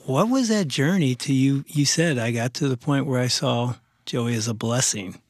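A man hosting an interview, asking gentle, probing questions of his guests. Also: mid-range voice, normal speed, no echo, clean studio sound. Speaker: interview host. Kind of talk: faith interview.

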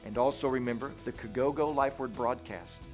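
A man preaching a sermon in an earnest, deliberate way, pausing for emphasis. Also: mid-range voice, over music.

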